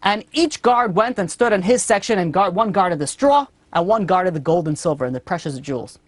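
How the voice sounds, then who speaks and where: A man, a rabbi, teaching a Torah lesson as an animated storyteller who acts out characters. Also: high-pitched, a little fast, no room sound.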